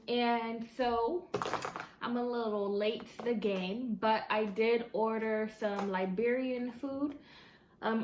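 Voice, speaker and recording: A woman's voice: on the high side, a little hiss or hum. Chatty woman vlogger in an echoey room. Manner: chatty, rambling with fillers and self-corrections. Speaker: mukbang vlogger. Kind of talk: casual chat to camera. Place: indoors at a dining table.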